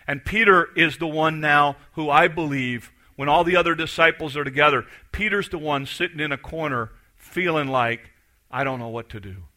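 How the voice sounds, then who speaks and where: A middle-aged man preaching a sermon with a very bright, ringing voice pitched a little high. He tells the story lively, acting out the people in it, and sinks to a soft, low tone on the words that matter. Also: normal speed, hardly any pauses. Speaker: pastor.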